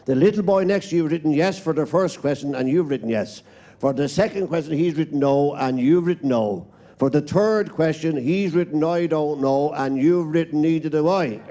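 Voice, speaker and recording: A man's voice: a little high, a little mellow. A male stand-up comedian with an Irish accent, firing off one-liners on a live stage. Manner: rapid one-liners, quick punchlines.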